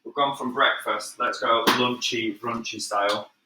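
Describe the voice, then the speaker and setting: A man's voice: medium pitch, fairly even intonation, a little slow, echoey room, noisy background. A man from Manchester with a Mancunian accent, a professional chef chatting casually to viewers during a live cooking stream from his home kitchen. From England. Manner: chatty, upbeat, addresses viewers as "guys", moves around the kitchen.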